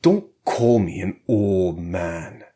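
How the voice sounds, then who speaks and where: A male narrator voicing a tough older male ex-soldier prisoner with a Scottish accent, gruff and grunting. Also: low voice, takes it slowly, mellow, exaggerated voice. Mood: defiant.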